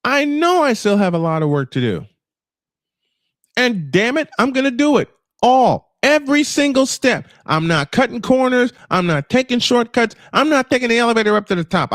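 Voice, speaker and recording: His pitch is extremely high, his delivery animated at a normal speed, and his tone a bit bright. He's a livestream host in his fifties, heard but not seen, letting loose an emotional, profane tirade and repeating himself to drive points home. Dry, studio-quality recording.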